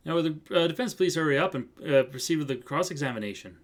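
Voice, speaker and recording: A man's voice: mid-range voice, expressive, brisk, lightly acted. A man voicing a stern older male judge in a game, putting on a wobbly Canadian accent and ending his lines with "eh". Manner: gruff, blustering, tacks "eh" onto his lines. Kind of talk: reading a game aloud on a live stream.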